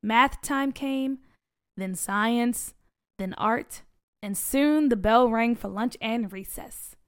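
A woman reads a children's story aloud in an expressive, animated way. Her voice sits fairly high and she gives the narration plenty of lift. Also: takes it slowly, clear, resonant tone.

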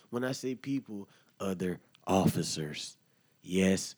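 A man's voice: medium pitch, measured pace, a little mellow. A man hosting a solo podcast, talking in heated, profane slang straight to his listeners. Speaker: podcast host. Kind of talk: impassioned solo podcast commentary.

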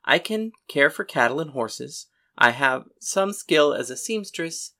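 A woman voicing a tough, loyal young woman known as the whiskey girl, speaking low and earnest with dry humor. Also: animated, unhurried, a bit bright, full character voice. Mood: steady.

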